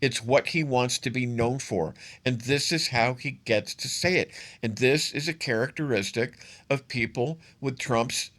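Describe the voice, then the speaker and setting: A man's voice: mid-range voice, measured pace, fairly bright tone. A man hosting a solo political commentary show, speaking emphatically and repeating phrases for stress.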